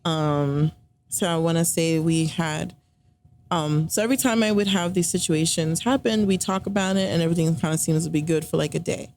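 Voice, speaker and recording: Chatty woman, lowish voice, telling a story. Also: fairly even intonation, brisk, a little mellow, a little hiss or hum. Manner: chatty, many fillers, acts out quoted dialogue. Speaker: podcast guest telling her story. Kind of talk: casual storytelling chat.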